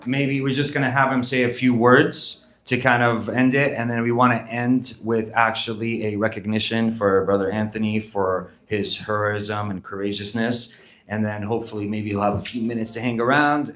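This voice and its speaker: A man with a fairly low voice emcees a community gathering at a mosque. He talks briskly and informally and keeps the program moving from one speaker to the next. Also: fairly even intonation, fairly bright tone, echoey room. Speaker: event emcee. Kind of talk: announcing speakers at a community event. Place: community hall at a mosque event.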